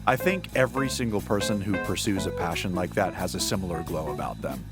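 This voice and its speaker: A man's voice: sits low, animated, over loud music. A man co-hosting a casual chat, telling stories with wry asides. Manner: wry, storytelling, quick asides. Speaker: podcast co-host.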